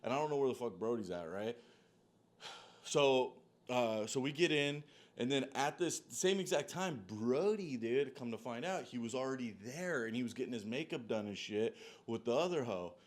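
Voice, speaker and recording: Man, casual storytelling, profane, rambling, filler-heavy, animated tangents, mid-pitched voice. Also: moderate pace. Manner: animated, jumps between tangents.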